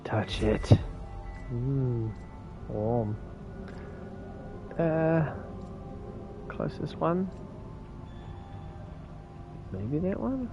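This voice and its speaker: A man's voice: medium pitch, big pitch swings, drawn-out words, creaky, pauses often, over music. A man from New with a slight lisp, mumbling and laughing through casual, profane commentary as he streams a game. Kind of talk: casual live gameplay commentary.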